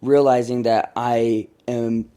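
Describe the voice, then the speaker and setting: A man's voice: medium pitch, level tone, slow, mellow, clear, resonant tone. A young man from Colorado, a rapper guest, chatting loosely on a podcast with lots of slang and laughter. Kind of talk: casual podcast chat.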